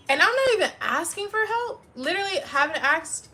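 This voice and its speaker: Woman, young adult, livestream host, casual story chat, animated, profane, high voice, bright tone. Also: a little fast, hardly any pauses, faint music behind. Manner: animated, profane, quotes people in heated bursts.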